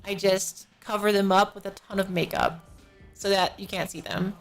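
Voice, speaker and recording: With a medium pitch, fairly even intonation and normal speed, a woman live streamer rambles through casual chat at her home desk. She's drowsy, yawning and slightly out of it, talking into a professional-grade desk mic as a neighbor's music faintly sounds nearby.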